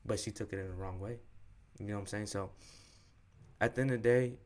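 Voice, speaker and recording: Low, flat-voiced young man telling a story. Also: fairly quick. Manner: slangy, profane, frank retelling with quoted dialogue. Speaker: podcast co-host. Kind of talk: candid personal storytelling.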